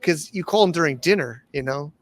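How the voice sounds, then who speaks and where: A man from the United States in his forties, telling stories from his own life. He rambles and restarts as he goes, and his voice sits slightly on the high side. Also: lively intonation, brisk. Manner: rambling, with restarts and acted-out quotes. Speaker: guest. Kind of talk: casual storytelling interview.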